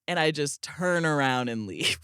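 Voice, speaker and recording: A woman guest on a podcast telling a story in an animated, comic way, full of "like" and quick laughs. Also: deep voice, clear, resonant tone, no room sound. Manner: lively, peppered with "like", laughs mid-sentence. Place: podcast studio.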